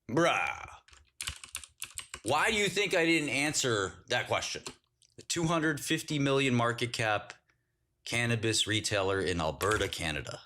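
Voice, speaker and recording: A man's voice: mid-range voice, big pitch swings, unhurried, sharp tone. A man hosting a casual livestream, mocking chat with sarcastic riffs and bursts of laughter. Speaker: livestream host.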